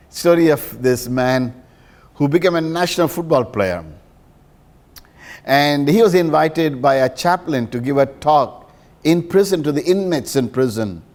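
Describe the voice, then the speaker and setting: A man preaching a sermon as a pastor and counselor, emphatic and pleading. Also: a little mellow. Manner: emphatic, pleading, with dramatic pitch swings.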